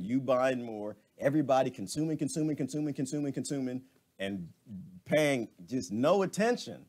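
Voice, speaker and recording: A man's voice: medium pitch, darkish tone. Laughing man ranting on a live stream. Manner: laughs often, greets viewers by name. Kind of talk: casual morning live stream rant.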